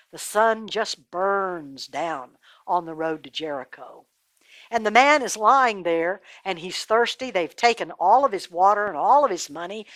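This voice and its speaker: Expressive woman telling a children's Bible story. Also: medium pitch, no room sound. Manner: expressive, speaks directly to kids.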